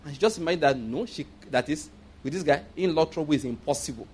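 A man's voice: fairly high pitch, lively intonation, fast, darkish tone, slightly rough. A man preaching a sermon as a story, repeating himself for emphasis, checking in with his listeners and chuckling along the way. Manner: chuckles often while telling.

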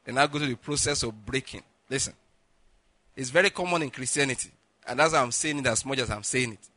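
A middle-aged man, a pastor preaching a sermon with lively acted-out stories, often saying "listen" and "all right". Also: mid-range voice, fast talker. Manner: lively, repeats "listen" and "all right", laughs at own jokes.

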